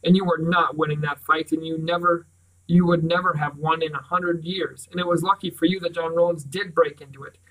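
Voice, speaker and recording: A man reading aloud, voicing a thin, worn older father who speaks strong, clear and cold. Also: fairly high pitch, fairly even intonation, a little fast, fairly bright tone, recorded from a distance, natural voice, poor audio. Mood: firm.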